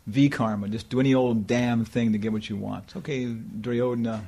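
A man teaching scripture in a loose, rambling way, peppering everything with "you know" and little chuckles. His voice is gravelly with a husky, breathy texture, at a middling pitch. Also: steady tone, brisk, dark tone. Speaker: spiritual teacher. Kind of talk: informal scripture talk with Q&A.

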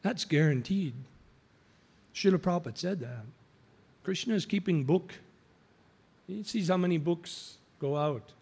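Man, high voice, storytelling sermon, acts out quoted voices. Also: measured pace, vocal fry, long pauses, darkish tone, husky. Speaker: preacher. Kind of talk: anecdotal sermon.

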